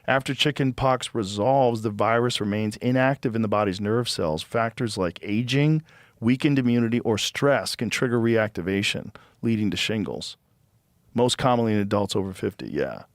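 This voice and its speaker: A middle-aged man hosting a casual podcast, telling lively stories and reading facts aloud in a studio. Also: fairly low pitch, normal speed, dry recording. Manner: tells lively anecdotes, reads facts aloud. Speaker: podcast host. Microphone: close studio mic.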